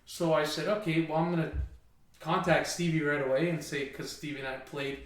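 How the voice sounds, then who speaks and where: Telling stories as a guest on a casual podcast, this former goalkeeper from Windsor, Canada, quotes himself and his buddies. He talks a little fast in a slightly high voice with fairly even intonation, and the audio is very echoey, as if far from the mic.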